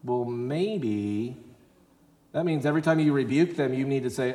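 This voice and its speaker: Slightly high and sing-song, a pastor's voice moves at a moderate pace through a big-room sound. He delivers a conversational sermon in a church sanctuary, occasionally performing the voices of those he quotes.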